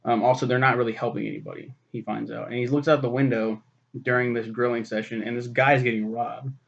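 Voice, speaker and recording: A man's voice: mid-range voice, steady tone, fast talker, vocal fry. A man casually reviewing a film in a rambling, profane way, full of fillers and restarts. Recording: dull lo-fi recording.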